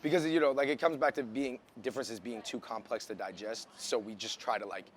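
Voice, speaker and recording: A man's voice: mid-range voice, fairly quick, slight background noise. A man chatting loosely in a casual interview, with many likes and restarts, recorded outside.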